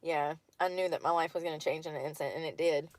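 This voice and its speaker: A woman's voice: low voice, fairly even intonation, fast talker. A woman talking in casual chat from a parked car at night, rambling, laughing often and swearing freely. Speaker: vlogger.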